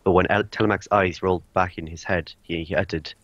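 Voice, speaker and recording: A man's voice: low voice, steady tone, quick pace, very noisy. A man reading a character backstory aloud at a tabletop game, often close to laughing. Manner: reads aloud, breaking into laughter. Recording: dull lo-fi sound, dry.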